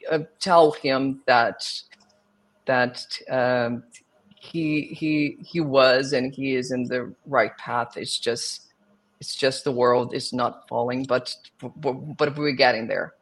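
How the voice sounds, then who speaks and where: A man's voice: medium pitch, fairly even intonation, slow, fairly bright tone. A young adult man with a Brazilian Portuguese accent, a singer and actor answering interview questions and often restarting as he looks for words. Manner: searching for words, many restarts.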